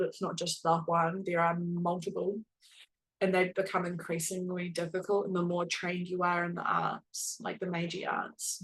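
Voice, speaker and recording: A woman with a low-ish, slightly bright voice shares a personal story on her spiritual podcast, heard through a rough recording. Her delivery is casual, earnest, and emotional, packed with the word "like."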